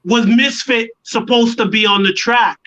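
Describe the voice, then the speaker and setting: High bright-voiced man telling stories. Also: unhurried. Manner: animated storyteller, acts out quoted voices. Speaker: guest artist. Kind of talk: casual storytelling interview. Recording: dull lo-fi sound.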